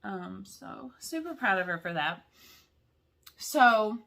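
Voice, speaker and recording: A woman's voice: medium pitch, sing-song, takes it slowly, creaky, pushed and bright. A middle-aged woman chatting casually to camera in her vlog, emotional and laughing between sentences. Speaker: vlog host. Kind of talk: casual chat.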